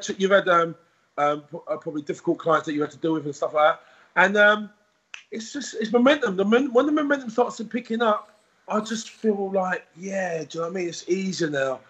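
A man being interviewed as a podcast guest, talking in a rambling, repetitive, animated way with a husky voice. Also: high voice, quick pace. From United Kingdom.

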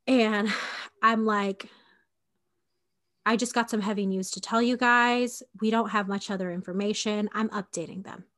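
A young woman in her twenties tells a personal story in a loose, conversational way. She scatters "like" and fillers through her talk and acts out what each person said. Her voice sits at an ordinary middle pitch for a woman. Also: fairly even intonation, a little slow, fairly bright tone. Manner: conversational, frequent "like" and fillers, acts out quoted dialogue.

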